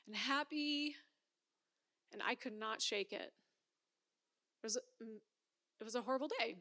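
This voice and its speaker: A woman in her thirties telling a personal story in an animated way, acting out her own thoughts as she goes. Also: high voice.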